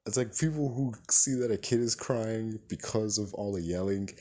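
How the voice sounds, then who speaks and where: A man's voice: on the low side, normal speed, dark tone. A man giving a rambling, profane spoken movie review and acting out characters' lines as he goes.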